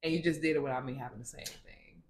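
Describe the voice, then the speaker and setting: A woman's voice: very deep voice, racing, slight background noise. A woman co-hosting a casual marriage chat, earnest and reflective, with lots of "you know" fillers. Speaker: podcast co-host.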